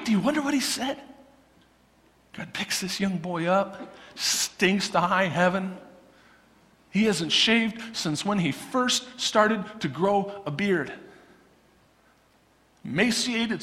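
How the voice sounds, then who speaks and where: A man preaching a sermon in a lively, conversational way. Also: high-pitched, long reverb tail. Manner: animated, conversational preaching with acted-out quotes. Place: church sanctuary.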